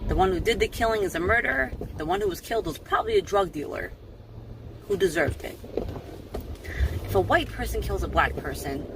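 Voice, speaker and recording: A man's voice: high-pitched, sing-song, a little fast, gravelly, long pauses. A man delivering a sarcastic commentary monologue, laying out his points one after another. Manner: sarcastic, lays out points in order. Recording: outdoor traffic noise behind.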